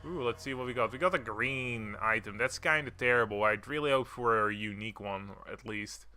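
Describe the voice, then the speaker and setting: A man's voice: mid-range voice, brisk, sharp tone. A man streaming a video game live, chatting casually and swearing now and then. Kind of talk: live gameplay commentary.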